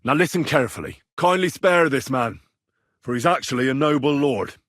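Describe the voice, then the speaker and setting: Male actor as a plainspoken young medieval commoner hero for a game, husky, animated delivery, dry booth sound. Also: mid-range voice, normal speed, no room sound, lightly acted. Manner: sardonic, swears freely. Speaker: game protagonist. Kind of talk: game voice lines.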